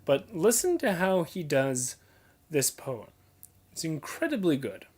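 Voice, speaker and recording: A teacher explains how to read poetry in a casual spoken lesson, slow and deliberate yet very animated, with a medium pitch, darkish tone and breathy edge. He points out details, emphasizing and repeating examples.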